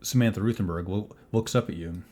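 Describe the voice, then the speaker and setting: Low-voiced guy running a tabletop game, calm and descriptive. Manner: measured, descriptive. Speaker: game master.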